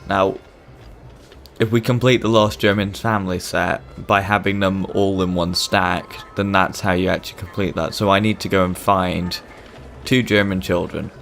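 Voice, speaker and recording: A man's voice: deep voice, fairly even intonation, normal speed, gravelly, a bit bright, a little hiss or hum. A young man, chatty and self-mocking, commenting on his own gameplay. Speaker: gaming channel host. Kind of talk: let's-play commentary. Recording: gameplay video with faint game music behind.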